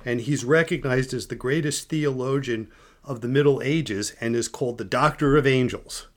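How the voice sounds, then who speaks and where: An older man, a podcast host and grandfather, telling stories in a casual, animated way and often restarting his sentences. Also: mid-range voice, normal speed. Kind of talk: casual storytelling chat.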